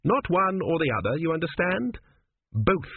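A man's voice: fairly high pitch, sing-song, moderate pace, husky, dry recording, pitched above the performer's own voice, full character voice. A man voicing a blunt, snappish young queen. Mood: sour, commanding. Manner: curt, sour, snapping. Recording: tinny phone-like band, dry.

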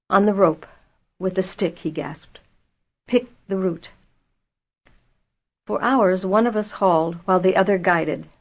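Woman reading a book out loud, lowish voice, kinda muffled lo-fi sound. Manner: measured, tense storytelling. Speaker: audiobook narrator. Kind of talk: scripted first-person novel narration. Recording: dull lo-fi audio.

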